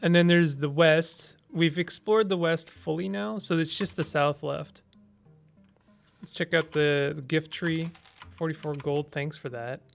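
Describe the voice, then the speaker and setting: A man's voice: fairly high pitch, fairly even intonation, measured pace, gravelly, faint music behind. A man casually commenting as he plays a text-based strategy game, reading its text aloud and thinking through his moves with small hesitations.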